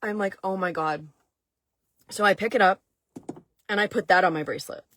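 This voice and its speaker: A woman's voice: medium pitch, quick pace, fairly bright tone. A middle-aged woman with a Maine accent tells a personal story in a casual livestream chat, full of fillers and restarts, and talks now and then to viewers in the chat. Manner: chatty, emotional, many fillers and restarts. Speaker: host of a chat stream.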